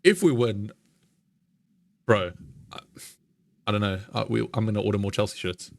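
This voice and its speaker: A man co-hosting a podcast in casual football chat, chatty and quick to laugh. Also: lowish voice, vocal fry, no echo, studio quality. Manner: chatty, laughs easily, says "bro". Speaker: podcast co-host.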